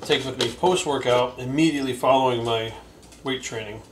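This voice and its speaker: Young male vlogger, casual and cussing, average pitch, faint background hiss. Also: normal speed. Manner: profane and excitable, talks baby talk to his dog. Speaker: bodybuilding coach and vlogger. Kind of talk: casual vlog chat.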